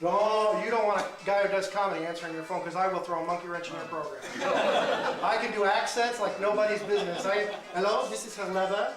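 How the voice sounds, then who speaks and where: A man doing live stand-up comedy, teasing audience members in loud banter. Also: sits high, quick pace, over music. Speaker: stand-up comedian hosting a crowd game. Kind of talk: live stand-up with crowd work. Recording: echoey room, far mic, crowd noise.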